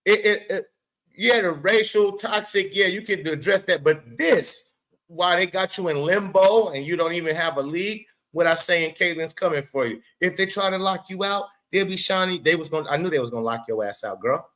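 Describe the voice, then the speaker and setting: A man with a fairly high speaking voice delivers a casual commentary rant as host of his own show. He is profane and emphatic, and he addresses the subject of his talk directly. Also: moderate pace, a bit bright, low-quality recording. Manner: profane, emphatic, talks straight to the person he discusses.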